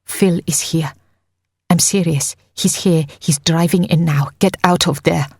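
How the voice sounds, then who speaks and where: A woman's voice: on the low side, fairly even intonation, measured pace, darkish tone, husky, dry recording, studio quality. A woman reading a breathless, pleading young woman. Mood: urgent. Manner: breathless, pleading, overly polite. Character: breathless young woman feigning car trouble. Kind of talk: audiobook character voice.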